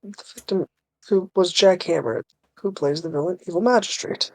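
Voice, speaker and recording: A woman's voice: fairly low pitch, normal speed, darkish tone, voice pushed down, low-quality recording. A woman putting on a formal TV news anchor voice, reading game dialogue aloud on a stream.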